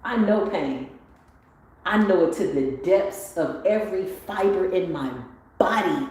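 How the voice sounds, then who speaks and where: A woman giving a motivational spiritual talk on a livestream, animated and swinging up into excited exclamations. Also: fairly low pitch, measured pace. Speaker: spiritual tarot reader. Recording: very echoey room with faint ambient noise.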